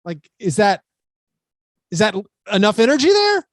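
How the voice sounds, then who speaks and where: Male podcast host, high lively voice, energetic and self-mocking, dry close sound, remote call. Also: moderate pace, dry recording. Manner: animated, energetic, self-deprecating. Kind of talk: casual chat. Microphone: remote computer call.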